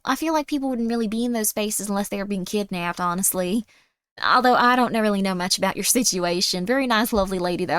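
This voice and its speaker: A woman's voice: on the high side, smooth, dry recording, clean studio sound. A woman streamer chatting casually and bubbly with her viewers on a streaming mic. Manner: bubbly, chatty, reacting to chat.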